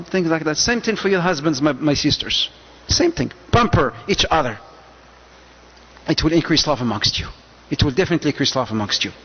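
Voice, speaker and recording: Male preacher, high voice, animated lecturing with Arabic asides; muffled hall recording. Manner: lively, mixes Arabic phrases into English. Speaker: Islamic preacher. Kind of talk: lecture to a live audience. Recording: dull, echoey hall sound.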